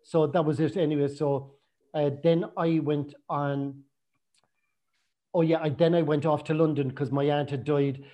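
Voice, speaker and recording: Man, casual storytelling, animated, slightly high voice, warm mellow tone. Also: unhurried. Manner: chatty, animated retelling with acted quotes.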